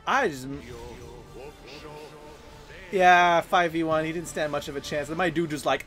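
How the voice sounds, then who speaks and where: A man's voice: a little high, steady tone, unhurried, long pauses, a bit bright, faint music behind. A young man giving playful, chatty let's play commentary as a streamer, laughing often.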